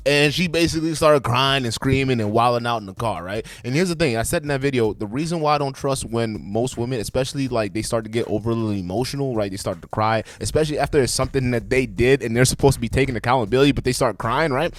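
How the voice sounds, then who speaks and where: A man's voice: mid-range voice, fast, hardly any pauses. A man hosting casual reaction commentary, blunt and emphatic, swearing heavily as he talks.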